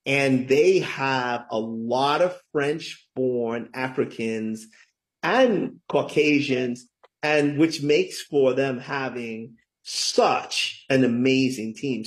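A middle-aged man talking as a guest author in an interview, enthusiastic and often tagging his points with "right?". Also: mid-range voice. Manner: enthusiastic, keeps asking "right?". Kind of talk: conversational interview talk.

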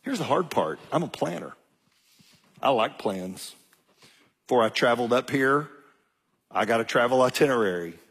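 A middle-aged man, telling a folksy story in a sermon and acting out the dialogue with big jumps in pitch. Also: big pitch swings, moderate pace, long pauses, fairly bright tone, husky. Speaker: guest speaker.

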